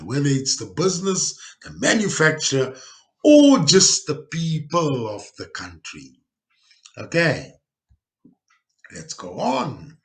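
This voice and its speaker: Slow-speaking South African male teacher. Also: on the high side, big pitch swings. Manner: explains step by step, with frequent tag questions to check understanding; repeats points for emphasis. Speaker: geography teacher. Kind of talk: recorded classroom lesson.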